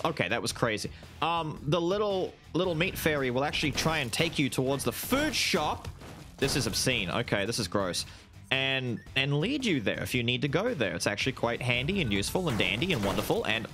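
Excitable young man with lively pitch. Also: normal speed, over music. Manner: excitable, exclamatory, says "dude" often. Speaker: gaming video host. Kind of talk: excited gameplay commentary.

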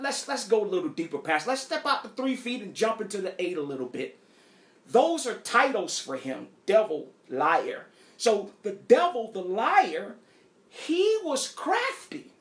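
A woman pastor teaching a Bible study in an animated way, asking rhetorical questions and spelling out words. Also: a little high, reverberant.

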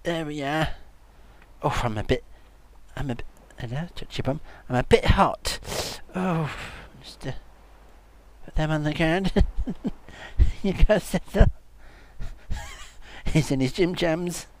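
A man hosting a comedic let's-play, excitable, silly and teasing as he talks over the game. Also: a little high, slow, long pauses. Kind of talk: comedic gaming commentary.

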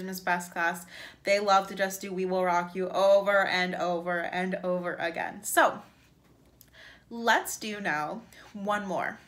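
A woman's voice: medium pitch, fairly bright tone. A woman music teacher giving an upbeat virtual lesson to young children, chanting rhythms for them to repeat.

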